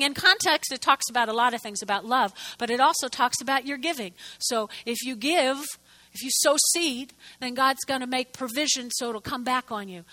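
A woman pastor preaching a lively, playful sermon to her congregation, acting out the Bible figures in quotes. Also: sits high, low-quality recording.

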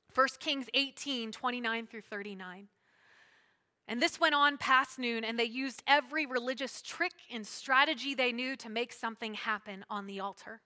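A woman pastor preaching a sermon, swinging between loud emphatic lines and hushed asides. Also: on the high side.

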